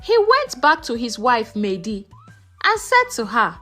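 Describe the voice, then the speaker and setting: A woman narrating a folktale in a slow, expressive storytelling manner. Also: on the high side, soft background music.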